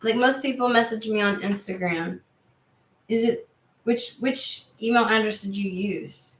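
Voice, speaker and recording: A woman's voice: medium pitch, a little slow, a bit bright. A woman hosting a tarot livestream, talking casually, swearing freely and reacting to viewer comments. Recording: roomy echo.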